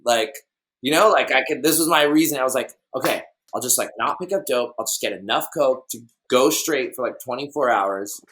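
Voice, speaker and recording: A man's voice: medium pitch, brisk, fairly bright tone, slight background noise. Rambling, laughing man telling stories. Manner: rambling storyteller who laughs at his own tales. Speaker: podcast guest. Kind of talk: casual chat.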